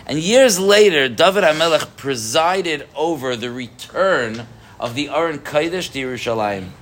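A man with a fairly high voice teaches a Torah class to a live group. His delivery is animated, with rhetorical questions and frequent restarts. Pitch and pace move around a lot. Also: normal speed, a little hiss or hum.

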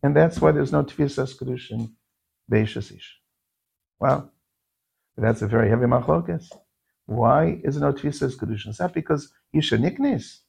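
A man's voice: mid-range voice, normal speed, creaky, a little mellow, slightly rough. A man giving a Talmud lecture in a questioning, sing-song way, often tossing in "no?" to his students. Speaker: Talmud teacher.

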